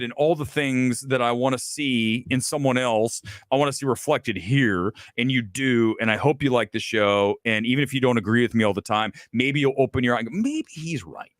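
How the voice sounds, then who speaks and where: A man's voice: mid-range voice, no echo, clean studio sound. A man hosting a live-streamed movie talk show, ranting with mocking asides and sounding tired late at night. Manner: animated, opinionated rant with mocking asides. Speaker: film talk show host.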